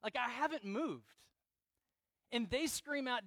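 A middle-aged pastor preaches a sermon earnestly, repeating key phrases for emphasis and acting out prayers in dramatic quoted voices. His voice is extremely high and a bit bright, with vocal fry and a slow pace, captured in a dry recording.

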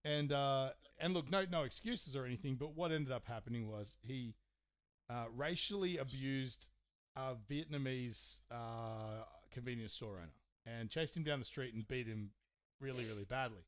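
A podcast host with a clean, medium-pitched voice at normal speed tells a story in casual chat, rambling, swearing, and using plenty of fillers. The sound is slightly dull and muffled.

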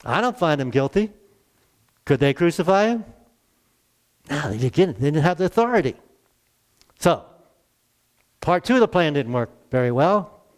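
A man with a fairly high voice preaches a sermon in an earnest, conversational way. He retells scripture in his own words and slips into voiced quotes for its people. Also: big pitch swings, moderate pace, long pauses.

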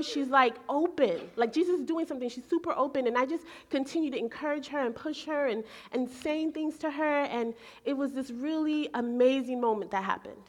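A woman in her forties preaching, telling a personal story in an animated way and acting out her own thoughts. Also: high-pitched, brisk, few pauses. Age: 40s. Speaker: pastor. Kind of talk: sermon storytelling.

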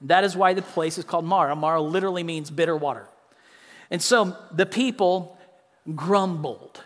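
A man preaching a sermon, earnest and a bit halting, often restarting and repeating words. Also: high voice, fairly bright tone, in a large hall. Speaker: pastor.

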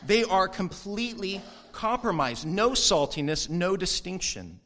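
Animated preacher, somewhat high voice. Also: male voice. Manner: animated, conversational preaching with quick asides; puts on brief mock voices for quoted people. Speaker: pastor. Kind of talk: sermon.

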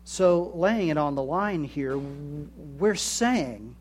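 A man delivers a sermon at an unhurried pace. His voice sits a little high, and he acts out the voices he quotes as he preaches. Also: expressive. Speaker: pastor.

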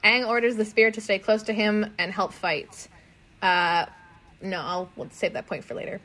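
A woman co-hosting a podcast, casually recapping episodes and acting out characters in quick asides, swearing now and then. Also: mid-range voice, steady tone, pushed and bright. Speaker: podcast co-host.

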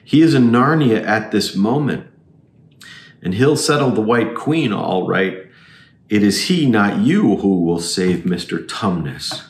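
A man's voice: fairly low pitch, lively intonation, a little slow, echoey room. A man voicing a fatherly male talking beaver in a storybook read-aloud, with emphatic delivery.

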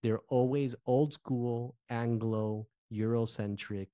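Dark-voiced man chatting on a podcast. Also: mid-range voice, takes it slowly, dry recording. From Newark, New Jersey. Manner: animated, conversational, fillers like "you know". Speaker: podcast co-host, former pastor. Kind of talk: casual podcast chat.

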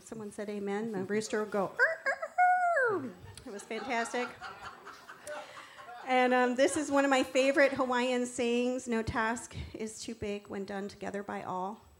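A woman giving a personal faith testimony as a church co-founder. She tells the story earnestly, moving between hushed reverence and lively warmth as she talks through her slides. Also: a little high, normal speed, noisy background.

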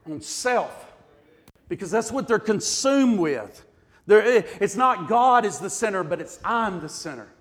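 A man with a very high voice preaches in a big hall, his words hanging in a long reverb. He drives his points home with emphatic repetition and lets his voice climb into shouts. The feel is a pastor working a sermon from the pulpit. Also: animated, measured pace.

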